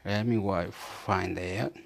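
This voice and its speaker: A man's voice: deep voice, steady tone, slow, vocal fry. A man from Chile talking in a rambling, repetitive casual monologue, reading bits aloud from a screen as he goes.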